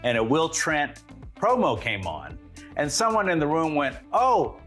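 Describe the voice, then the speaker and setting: A man's voice: fairly high pitch, sing-song, normal speed, a bit bright, soft background music. A man hosting a streaming roundup show, reading scripted intros and then chatting in an upbeat, storytelling way. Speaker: show host.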